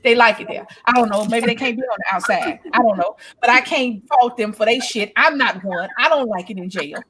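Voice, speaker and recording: A high-voiced woman in her forties tells a story in a loose, casual chat. She is blunt and profane and jumps between the voices of everyone in the story, now loud, now quiet. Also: fairly quick, a crowd in the background, low-quality recording. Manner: animated, blunt and profane, acting out both sides of arguments. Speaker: podcast co-host.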